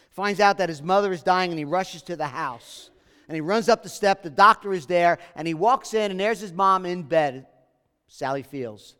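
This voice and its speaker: A man's voice: sits high, fairly bright tone, smooth, long reverb tail. A man preaching a sermon as pastor, earnest and emphatic, repeating his key phrases.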